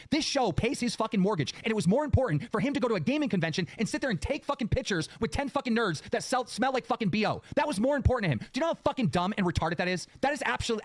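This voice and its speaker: A man's voice: sits high, dry recording. A man in a clip, ranting angrily at his audience and swearing constantly. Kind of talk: angry profane rant.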